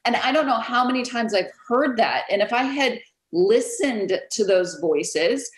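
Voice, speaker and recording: A woman realtor, a guest on an interview, telling stories in a lively casual way and acting out what others said, over a video call. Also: on the high side, unhurried, reverberant, low-quality recording. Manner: animated, storytelling, acts out quotes.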